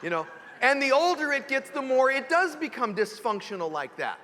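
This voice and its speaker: A man giving an animated sermon as a spiritual teacher, joking and asking rhetorical questions. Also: very high-pitched, moderate pace, long reverb tail. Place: church sanctuary.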